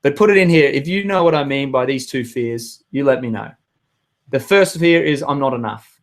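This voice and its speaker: A hoarse young man giving an energetic motivational talk to his viewers, with emphatic outbursts. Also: medium pitch, normal speed. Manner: energetic, emphatic, bursts into loud shouts. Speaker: vlogger.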